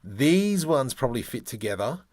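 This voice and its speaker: A man demonstrating 3D modeling software, thinking aloud in a playful way and muttering keyboard shortcuts and mild exclamations as he works. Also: mid-range voice, big pitch swings, normal speed, no room sound. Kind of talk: screen-recorded software tutorial, thinking aloud.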